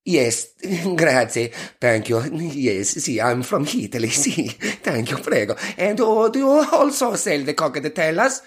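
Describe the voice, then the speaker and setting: A man's voice: on the high side, big pitch swings, slow, few pauses. A man voicing a bar customer who fakes a thick Italian accent, speaking broken English mixed with Italian words. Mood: hammy.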